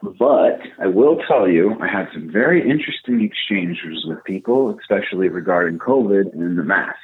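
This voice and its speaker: A young man telling a casual story, animated and profane, acting out what people said. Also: sits low, normal speed. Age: young adult. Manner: animated, profane, acts out quotes. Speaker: podcast co-host. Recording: tinny phone-like line.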